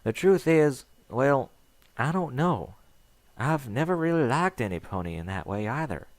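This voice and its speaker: Kind, frank young mare with a twang, voiced by a man, pitched up and lively. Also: measured pace, no echo. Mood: earnest. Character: earnest young female farm pony, kind and frank.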